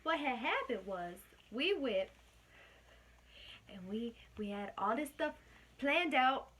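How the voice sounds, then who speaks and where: A woman's voice: fairly high pitch, expressive, slow pace, a bit bright, breathy edge. A young adult woman casually telling a story as a guest, chatty and often laughing.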